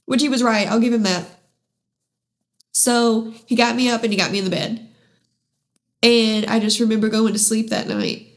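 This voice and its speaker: A woman's voice: on the high side, lively intonation. Candid woman sharing her faith testimony. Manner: candid, halting, many restarts; self-deprecating asides. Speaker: podcast host. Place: at home.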